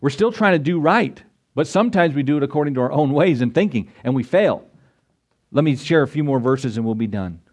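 A man's voice: mid-range voice, animated, fairly quick, a little mellow. A man preaching a sermon as pastor, emphatic and full of rhetorical questions, acting out the voices he quotes.

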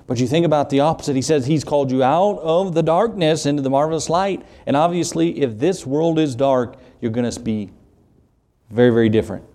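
A middle-aged man with a Southern US accent preaching a sermon in an earnest, conversational way, with quick asides to the congregation. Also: fairly high pitch, warm tone. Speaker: pastor.

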